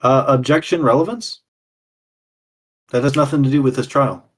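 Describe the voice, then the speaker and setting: A man playing a husky persuasive defense lawyer. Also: mid-range voice, close to an everyday voice. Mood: objecting. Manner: measured, persuasive courtroom speech. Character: smooth-talking male defense lawyer. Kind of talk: tabletop game role-play.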